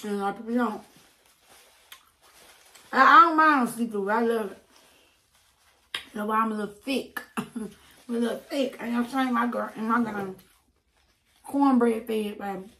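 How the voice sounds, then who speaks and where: Hoarse Southern woman, deep voice. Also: moderate pace, pauses often, bright, forceful tone. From Alabama, US. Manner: chatty and affectionate, says y'all. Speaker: mukbang host. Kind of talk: casual eating-show chat.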